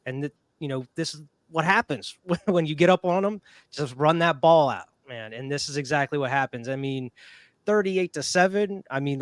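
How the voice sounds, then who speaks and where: A man with a middle-pitched voice recaps a football game on a casual podcast, listing stats with upbeat fan energy. His voice sounds dry and close, with no room echo. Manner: upbeat stat-listing fan with filler "I mean". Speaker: podcast co-host. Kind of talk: casual sports podcast chat.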